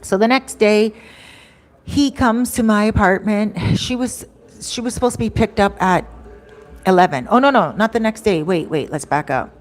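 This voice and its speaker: A woman vlogger telling a story in a chatty, animated way, laughing often. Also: medium pitch, moderate pace. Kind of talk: casual storytelling.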